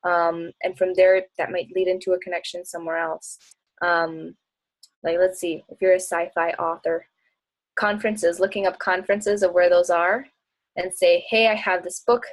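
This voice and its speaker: A woman's voice: on the low side, flat delivery, normal speed. A young woman talking casually as a travel blogger and coach, chatty and bubbly, often laughing and acting out bits of dialogue. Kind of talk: casual talk answering audience questions.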